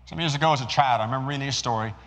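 A man preaching a sermon, rising to emphatic points and then dropping low and quiet to tell a story. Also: rapid-fire, long reverb tail. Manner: rises emphatically then drops to hushed storytelling.

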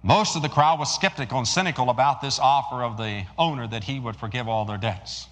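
A man preaching a sermon, rising to emphatic points and then dropping low and quiet to tell a story. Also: a little fast, in a large hall. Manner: rises emphatically then drops to hushed storytelling.

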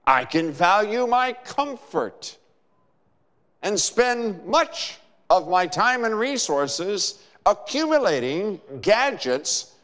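A man preaching a sermon in a measured, emphatic way, with dramatic pauses. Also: high voice, very animated, a bit bright. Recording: long hall reverb.

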